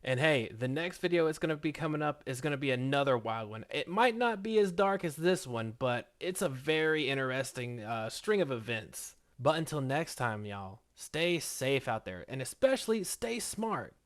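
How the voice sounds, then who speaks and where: Animated slangy man telling a story. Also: mid-range voice, normal speed, few pauses. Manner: slangy, animated, exclaims often. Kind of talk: casual storytime vlog.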